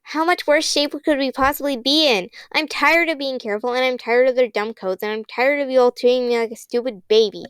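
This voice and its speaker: A woman's voice: high voice, brisk, few pauses, clean tone, no room sound, clean studio sound, voice pushed up, close to an everyday voice. A woman voicing a cranky, bratty little girl who sneers and snaps in a whiny tone. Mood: cranky, sneering.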